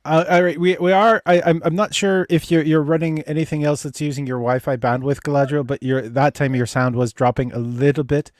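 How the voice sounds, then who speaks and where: Man, livestream host, fairly high voice, dry close sound, stammery, casual swearing. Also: fairly even intonation, a little fast, hardly any pauses, no room sound. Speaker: host of a relationship advice livestream. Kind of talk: casual livestream chat reading viewer comments.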